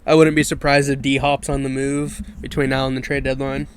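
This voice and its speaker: A man's voice: medium pitch, a little fast, slight background noise. A man hosting a casual sports podcast on a video call, laid-back, steering the topics. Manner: relaxed, runs the topics and ad reads. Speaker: podcast host.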